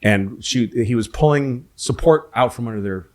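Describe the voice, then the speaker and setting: A man's voice: mid-range voice, moderate pace. A man co-hosting a podcast, telling a family anecdote in a casual, mocking way. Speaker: podcast co-host. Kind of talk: casual chat.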